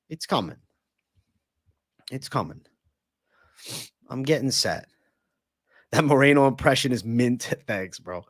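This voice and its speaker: A man's voice: medium pitch, dry recording, studio quality. A young man hosting a live stream, reading chat and breaking down fights in brash, profane banter. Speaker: livestream host and fight analyst.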